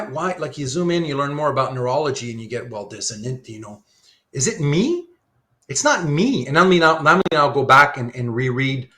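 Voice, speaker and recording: A man's voice: on the high side, fairly bright tone. A man giving a live online philosophy lecture, thinking aloud with lots of rhetorical questions while he sketches diagrams.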